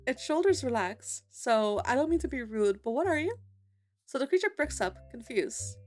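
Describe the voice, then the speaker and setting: A woman streamer reading a dating-sim story aloud in an expressive, giggly way, breaking into excited squeals between lines. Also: sits high, normal speed, faint music behind. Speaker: gaming streamer. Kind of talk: reading a visual novel aloud.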